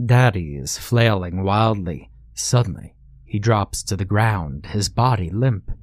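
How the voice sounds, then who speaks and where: A man narrating a horror story in a slow, grim, dramatic way. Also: on the low side, animated, no room sound, studio quality.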